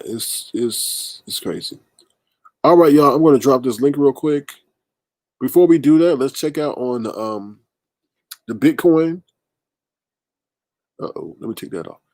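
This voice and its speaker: A man at an ordinary mid pitch, hosting a livestream. He talks back to viewer comments in a casual, emphatic way. The sound is dry and close, with no room echo. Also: a little mellow. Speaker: livestream host.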